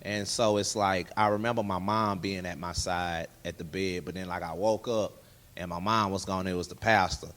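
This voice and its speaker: A man, a guest in a candid interview, telling his personal testimony and acting out dialogue in lively voices. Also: sits low, moderate pace. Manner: animated storyteller who acts out dialogue in other voices.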